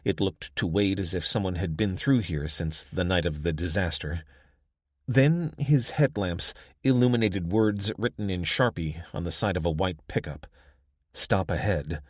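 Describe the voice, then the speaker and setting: Deep-voiced male audiobook narrator. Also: moderate pace, darkish tone, husky, no echo, clean studio sound. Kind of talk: scripted narration.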